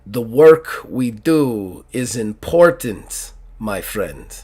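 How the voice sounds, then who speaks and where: A man voices a stranger, casual and friendly on the surface, with something dark underneath. He talks slowly and heavily in a middling pitch, as in a tabletop game scene. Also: expressive, slightly rough, heavily acted. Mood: grave. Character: friendly but ominous Russian man.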